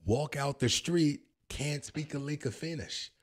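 A man's voice: a little high, a little slow. A man from the United States hosting a comedic reaction vlog, talking straight to his viewers in a brash, profane, riffing way. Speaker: reaction video host.

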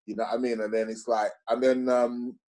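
A man's voice: mid-range voice, flat delivery, fairly quick, a little mellow. A man, a guest telling a casual story, rambling with many fillers and restarts.

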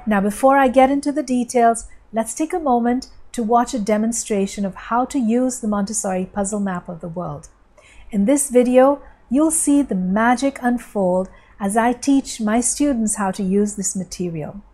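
Patient woman trainer with a warm, mellow voice. She explains step by step and keeps checking in with her listeners. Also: fairly high pitch, normal speed, rough recording. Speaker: Montessori teacher trainer. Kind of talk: instructional talk to trainee teachers.

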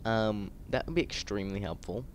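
A man's voice: fairly low pitch, fairly quick, slight background noise. A teenage boy rambling in casual gameplay commentary, full of fillers and frustrated ranting. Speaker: gaming YouTuber.

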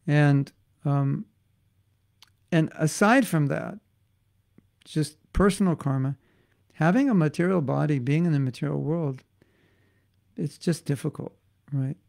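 A middle-aged man teaches a devotional class in a loose, joking, conversational manner. His voice sits a bit high for a man and carries a steady gravelly fry. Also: a little slow, long pauses. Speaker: spiritual teacher.

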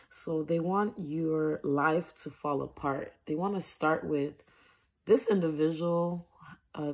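Slow, husky-voiced woman. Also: low voice. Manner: soft-spoken, full of "like" fillers. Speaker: online prayer minister. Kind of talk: casual spiritual message to camera. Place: her bedroom at night.

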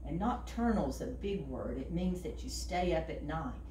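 Woman librarian at storytime; animated, questioning the kids; roomy sound, mic at a distance. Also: sits low, a little hiss or hum. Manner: slow, animated, asks the children questions. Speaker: children's librarian. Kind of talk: reading a picture book to children. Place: library room.

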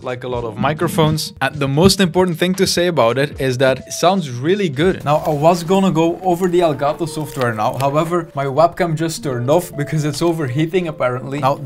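Upbeat young man reviewing gear. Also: on the high side. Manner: enthusiastic, chatty, explains while handling gear. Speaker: tech YouTuber. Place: home studio desk setup. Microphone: studio microphone.

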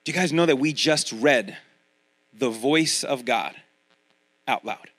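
A man's voice: medium pitch, takes it slowly. A middle-aged man preaching a sermon as pastor, talking straight to his congregation and acting out voices as he goes. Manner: conversational preaching, addresses congregation directly; animated, acts out quoted voices.

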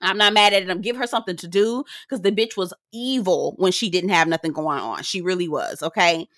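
A woman's voice: lowish voice, a bit bright, no echo, clean studio sound. A woman hosting a casual reality TV recap, sassy and dramatic, swearing freely and mimicking the cast. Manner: sassy, dramatic, profane, quick mimicry of others.

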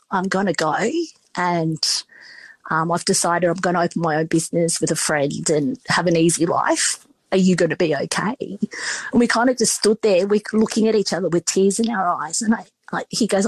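A woman's voice: mid-range voice, husky, dry recording. A woman, a restaurant owner telling stories in a casual podcast interview, chatty and full of fillers. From Australia. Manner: chatty, emotional storytelling with many fillers.

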